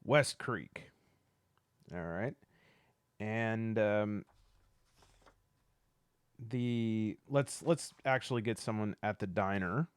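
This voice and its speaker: A man from the Southern US, with a Southern accent, plays a solo tabletop game and talks through it unhurriedly. His voice sits on the low side and sounds close and dry. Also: extremely slow, long pauses, smooth, dry recording. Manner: relaxed and thinking aloud.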